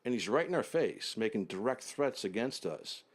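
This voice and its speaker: A low-pitched man from the United States recounts a travel story as an interview guest. He builds tension with short, punchy sentences and vivid detail. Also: sing-song, normal speed. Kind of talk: anecdotal storytelling.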